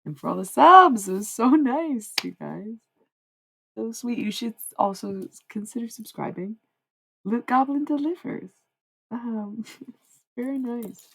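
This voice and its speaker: Husky, gravelly young woman streaming. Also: fairly high pitch, expressive, measured pace, a bit bright, rough recording. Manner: rambling and easily sidetracked, talking to chat. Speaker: livestreamer. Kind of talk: casual livestream chat.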